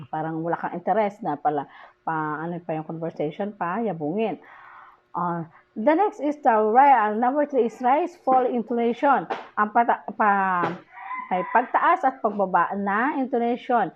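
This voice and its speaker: A Filipino-accented woman teaching, her voice a touch high and unhurried. She drags out her example sentences with exaggerated pitch to show how intonation works. The recording sounds dull and lo-fi. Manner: slow and deliberate, often repeats example sentences with exaggerated pitch; switches between English and Tagalog. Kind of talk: classroom lecture on intonation.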